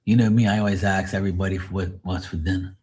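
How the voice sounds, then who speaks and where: A low-voiced man hosts a live stream and chats to his viewers about food and his day. He swears freely, rambles, and laughs often, in an easygoing, unpolished way. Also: level tone, fast talker, a little mellow. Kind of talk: casual live-stream chat.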